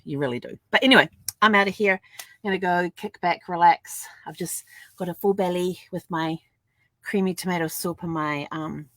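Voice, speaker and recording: A woman's voice: low-pitched, a bit bright, no echo. An older woman chatting casually to camera at home, laughing often and acting out little dialogues as she tells stories. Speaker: vlogger. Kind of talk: casual storytelling vlog.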